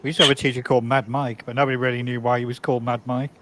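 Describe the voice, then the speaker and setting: A man's voice: mid-range voice, flat delivery, racing, very noisy. A man in a casual livestream chat, telling dry, sweary anecdotes.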